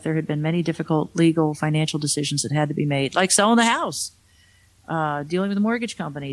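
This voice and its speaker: A woman's voice: deep voice, no room sound. A middle-aged woman, an author, telling a personal story in a candid, conversational way with wry asides. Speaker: author and speaker.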